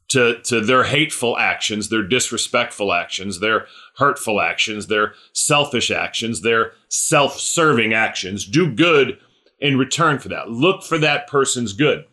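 A middle-aged pastor preaches a sermon conversationally, often checking in with "right?" and "you know." His mid-range voice sounds pushed and bright.

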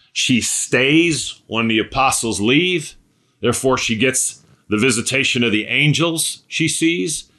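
A pastor with a mid-range, bright and forceful voice preaches a conversational sermon. He halts and restarts sentences, uses fillers, and keeps checking in with "right?" and "okay?"

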